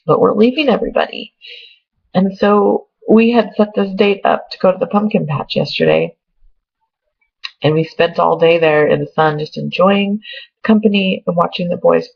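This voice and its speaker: A woman's voice: lowish voice, vocal fry, husky. A young woman from Oregon giving a casual pregnancy update, chatty and emotional, close to tears. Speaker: vlogger. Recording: dull lo-fi home webcam audio.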